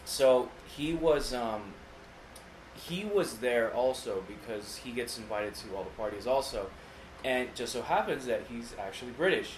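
A man's voice: mid-range voice, expressive, moderate pace. Man, casual podcast chat, rambling, swears a lot, roomy sound, noisy recording. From United States. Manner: profane, rambling storyteller. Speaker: podcast co-host. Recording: roomy studio with noise.

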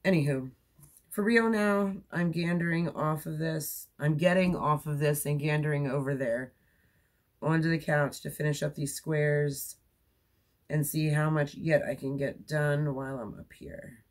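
A woman's voice: low-pitched, fairly even intonation, measured pace. A woman in her forties chatting casually as a crochet vlogger, rambling with many fillers and laughs, tired from staying up all night. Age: 40s. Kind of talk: casual chat.

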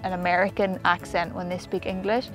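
A woman's voice: on the low side, level tone. A young woman with a strong Northern Irish accent chats casually as a co-host. She is bubbly and eager, often agreeing and jumping in. Faint background music plays behind her. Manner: bubbly, quick to agree and chime in. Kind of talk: casual chat.

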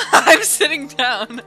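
A woman's voice: high voice, sharp tone. A young woman hosting a casual gaming session, teasing her friend and laughing often. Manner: giggly, teasing, bursts of laughter. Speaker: gamer and channel host.

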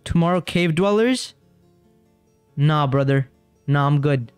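Young man, streamer, slightly high voice, jumpy rambling chatter, dry close mic, faint game music. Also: slow, smooth, dry recording. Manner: jumpy, rambling, often repeats himself when scared. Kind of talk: casual gaming commentary to chat.

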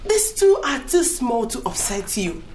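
A woman's voice: fairly high pitch, very animated, measured pace, darkish tone. A woman with a Nigerian accent playing an outspoken club lady who retorts sharply or coaxes others in a film drama. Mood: soothing. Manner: retorting, then coaxing. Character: outspoken club lady, quick to argue then soothe. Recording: echoey room with music underneath.

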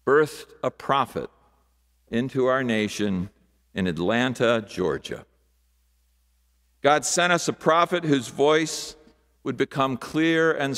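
Slow-preaching pastor in a reverberant sanctuary. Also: male voice, mid-range voice. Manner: slow, deliberate preaching with dramatic pauses and hushed asides. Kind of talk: sermon. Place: large church sanctuary. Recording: long hall reverb.

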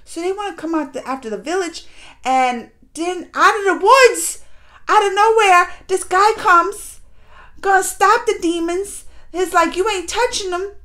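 Woman host, casual review vlog, high voice, lively, laughs easily, mimics the characters. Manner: animated, breaks into laughs and acted quotes. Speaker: reaction video host.

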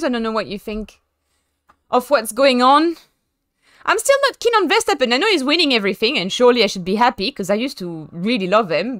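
A young French woman chats her way through a racing stream in a bright, fairly high voice that leaps around with every story. Her delivery is animated and self-mocking, full of quick theatrical asides. The sound is dry and close, with no room around it. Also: dry recording. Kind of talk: casual live-stream chat while sim racing.

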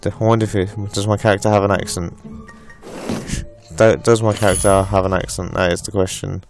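A man's voice: sits low, level tone, brisk. A man giving rambling, crude, joking let's play commentary. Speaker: gameplay commentator. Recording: voice over loud game music.

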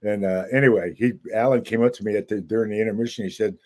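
A man in his seventies, a guest actor telling relaxed stories in casual chat. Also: lowish voice, quick pace.

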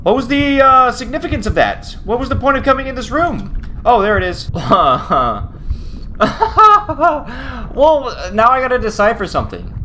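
A man's voice: very high-pitched, fairly quick, a little hiss or hum. A man giving loose, profane commentary while playing a horror game, often yelping and laughing when something startles him. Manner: excitable, swears a lot, yelps when startled. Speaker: gaming YouTuber.

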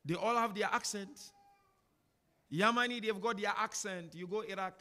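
A man, a sheikh, giving a chatty, animated religious talk to an audience in a mosque and taking their questions. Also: high voice, moderate pace. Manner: animated, chatty teacher with laughs and asides. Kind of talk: informal religious lecture with Q&A. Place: mosque hall before an audience.

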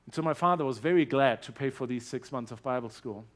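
A man with a German accent giving a personal testimony in a church service, earnest and growing animated as his story builds. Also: medium pitch, fast. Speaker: guest speaker sharing his testimony.

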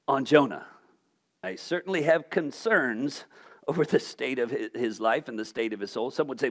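High-voiced preacher man, dramatic swings. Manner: dramatic, rhetorical questions, swings from loud to hushed. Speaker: pastor. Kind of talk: sermon.

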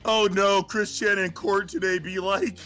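A man hosting a stream from home, excitable and laughing hard and often as he chats. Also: high-pitched, measured pace, faint music behind. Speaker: streamer host. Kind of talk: casual stream chat. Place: home streaming setup in Florida.

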